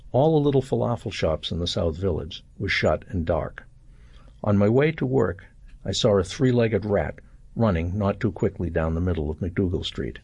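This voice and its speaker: Deep husky older male storyteller. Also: a little mellow, no echo. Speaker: narrator. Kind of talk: reading a first-person short story aloud.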